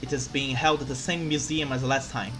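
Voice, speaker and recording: A player voicing a poised, formal young male art student from a video game, speaking in a measured, lowered tone. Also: steady tone, music in the background, natural voice, low-quality recording. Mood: proud. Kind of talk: reading game dialogue aloud.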